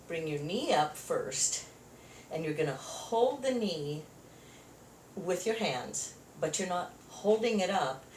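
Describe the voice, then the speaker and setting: Low-voiced woman leading chair yoga. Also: darkish tone. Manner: counts out moves, encouraging cues. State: getting a little breathless. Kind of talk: exercise class instruction. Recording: roomy echo, distant mic, faint noise.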